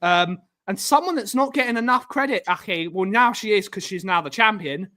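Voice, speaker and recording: A man's voice: high voice, lively intonation, a little fast, sharp tone. A man co-hosting a casual livestream chat, enthusiastic and greeting viewers by name. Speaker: livestream co-host.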